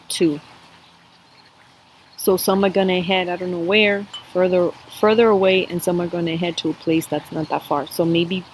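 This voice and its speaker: A woman's voice: fairly low pitch, a little mellow, rough recording. Give me an earnest, emotional woman reading a cup to her viewers, with a faint hum of noise behind her. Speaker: tarot and coffee-cup reader. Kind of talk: spiritual reading to camera.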